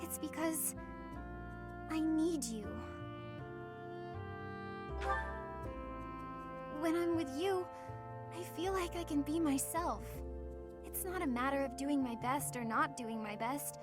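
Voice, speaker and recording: An actress voicing a shy young woman in a video game, speaking in a halting, bashful way. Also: sits high. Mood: earnest. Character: shy young woman tearfully confessing love. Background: loud game music.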